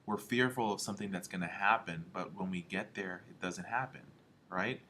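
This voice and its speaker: A man's voice: low voice, moderate pace, pushed and bright, slight background noise. A man leading a motivational marketing training talk in an emphatic way, often checking in with "all right?" and "okay?". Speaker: home health marketing trainer.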